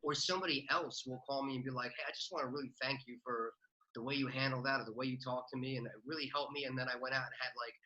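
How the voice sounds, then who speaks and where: Bright-voiced chatty man. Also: mid-range voice, fairly even intonation, muffled recording. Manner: fast, chatty, many "like" fillers. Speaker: podcast guest, real estate investor. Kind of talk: casual interview talk.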